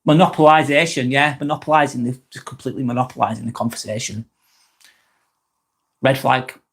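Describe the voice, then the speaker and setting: A man's voice: medium pitch, little pitch movement, brisk, a bit bright, slightly rough. A man hosting a live vlog, talking casually and frankly, swearing often and rambling through restarts as he reads out and answers chat comments.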